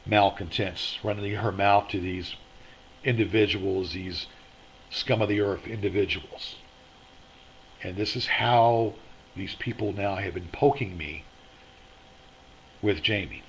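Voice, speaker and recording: A man's voice: lowish voice, slight background noise, poor audio. A man hosting his own online show, ranting in a rambling, aggrieved way and repeating himself. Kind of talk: angry livestream monologue. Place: motel room.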